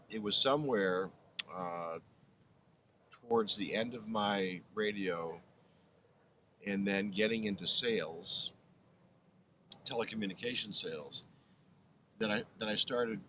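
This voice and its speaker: A man's voice: lowish voice, bright, forceful tone, a little hiss or hum. A man in his seventies, originally from Brooklyn, telling his story as an interview guest in an earnest, reflective way. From Brooklyn, New York. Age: 70s. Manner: earnest, reflective, restarts phrases often. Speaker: guest, former radio broadcaster.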